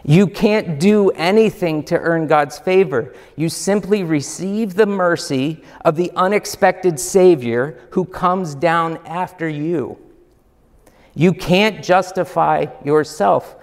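Male pastor, high pitch, unhurried emphatic sermon delivery, hall reverb. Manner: emphatic, rhetorical questions.

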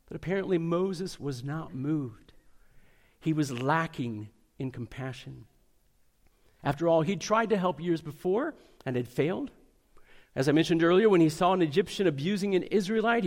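A man preaching a sermon, earnest, slowing down and speeding up for emphasis. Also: a little high. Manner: earnest, varies pace and loudness for emphasis. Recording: long hall reverb.

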